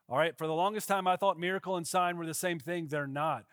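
A man's voice: fairly high pitch, fast talker, fairly bright tone, no echo, clean studio sound. A male pastor gives a casual, conversational sermon and often checks in with his listeners.

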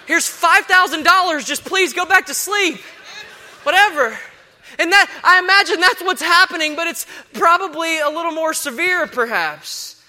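A man's voice: very high voice, normal speed, sharp tone. A man in his thirties preaching a sermon as a pastor, impassioned and repetitive.

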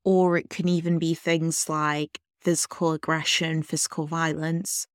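A woman hosting a solo podcast, talking earnestly and directly to the listener in a calm way. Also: low-pitched, unhurried, no echo, clean studio sound. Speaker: podcast host.

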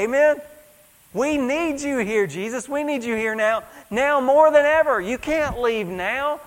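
A man's voice: very high voice, a little slow, big-room sound, low-quality recording. A male pastor preaching a sermon in a church, emphatic, repeating phrases and calling out for an "amen".

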